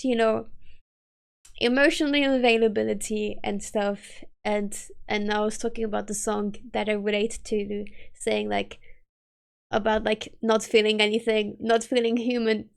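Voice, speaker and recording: A woman with a slightly high, gravelly voice chatting casually on a live stream. She giggles often and reads chat aloud in a loose, chatty way, talking into a desk mic at home. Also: little pitch movement, moderate pace.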